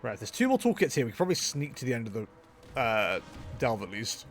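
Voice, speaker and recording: This young game streamer has a medium-pitched voice with big pitch swings and a brisk pace. He jokes around, makes fun of himself and chats with viewers, while soft music plays in the background.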